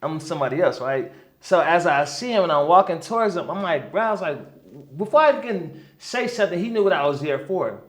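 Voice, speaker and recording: In a relaxed interview, a male guest healer tells a long, energetic story at a slightly quick clip. His voice is a bit high for a man, and he keeps drawing the listener in with "right?" and "you know what I'm saying?"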